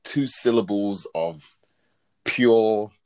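A man co-hosting a podcast in casual chat, playful and quick to laugh. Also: fairly low pitch, darkish tone. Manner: chatty, laughs often, playful. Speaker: podcast co-host.

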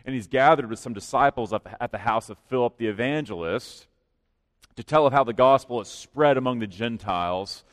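A pastor preaching in a church, with an earnest, conversational delivery that rises for emphasis. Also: male voice, mid-range voice, a little fast. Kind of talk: sermon. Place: church sanctuary. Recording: long reverb of a large hall.

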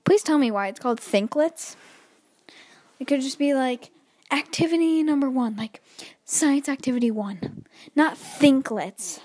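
A woman's voice: high-pitched, lively intonation, moderate pace, long pauses, darkish tone, dry recording, clean studio sound. A teenage girl hosting her own podcast, chatting casually, nervous and rambling, breathing heavily between thoughts and poking fun at herself. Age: teens. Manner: nervous, rambling, self-deprecating, heavy breathing. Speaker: podcast host. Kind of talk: casual solo podcast chat.

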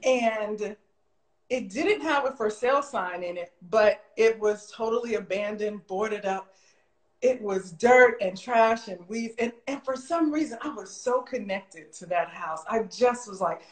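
A middle-aged woman telling a long personal story in casual chat, animated and full of "like" fillers, jumping high in pitch when she quotes people. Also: measured pace. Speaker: guest telling her story. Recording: roomy echo.

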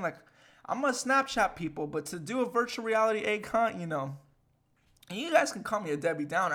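A young man in his twenties from the United States, ranting casually and excitedly, swearing often and using lots of fillers. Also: high voice. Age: 20s. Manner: animated and profane, with frequent fillers. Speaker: podcast host.

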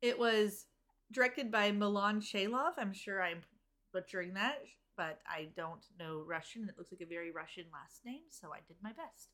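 A woman co-hosting a relaxed recap chat. She sounds tired and wry, with quick asides and a mid-range voice. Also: mid-range voice. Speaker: podcast co-host recapping a TV episode. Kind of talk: casual chat.

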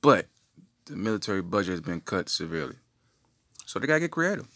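A man's voice: low-pitched, sing-song, fast, a bit bright, no room sound. A man hosting a comedy podcast, rambling through playful made-up stories. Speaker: podcast host.

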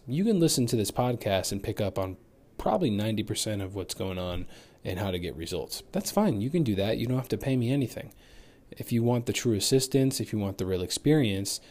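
A man with a fairly low voice hosts a solo fitness podcast. He talks in a loose, candid, motivational way and drops the occasional swear word. He is getting over a recent illness. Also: a little mellow. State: recovering from illness. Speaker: fitness coach and podcast host. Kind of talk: casual solo podcast monologue.

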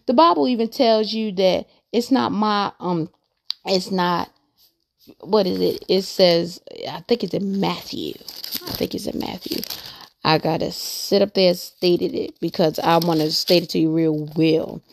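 A woman with a low, gravelly voice gives a loose, personal talk about her faith. She rambles earnestly and circles back to repeat her points so they land. Her voice carries a steady crackle of vocal fry. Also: unhurried. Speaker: podcast host. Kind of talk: casual faith monologue.

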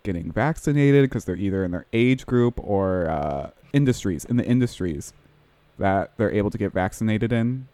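A man's voice: on the low side, animated, moderate pace, warm tone, no echo. A man chatting casually, rambling with many fillers and laughing at himself. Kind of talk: casual chat over a video call.

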